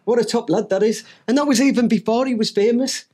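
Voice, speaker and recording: Man, high voice, podcast co-host, slangy storytelling banter. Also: fast, a little mellow. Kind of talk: casual chat.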